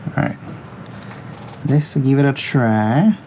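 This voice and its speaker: A middle-aged man with a gravelly, creaky voice talks at an unhurried, drawn-out pace. He rambles and cracks jokes while drawing on a livestream, reading viewer comments aloud. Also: medium pitch, a little hiss or hum. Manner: rambling, jokey, reads viewer chat aloud. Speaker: comic artist streaming his work.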